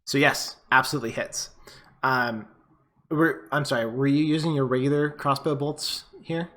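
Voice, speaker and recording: A man's voice: mid-range voice, moderate pace, slight background noise. Easygoing male game master. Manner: relaxed, chatty, with filler words. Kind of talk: narrating a tabletop game.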